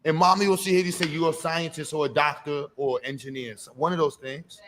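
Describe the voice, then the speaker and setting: A man's voice: fairly high pitch, steady tone, brisk, fairly bright tone, a little hiss or hum. A man hosting a live expo, coaxing a child with playful, hype-filled encouragement. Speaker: event host. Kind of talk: energetic live event hosting.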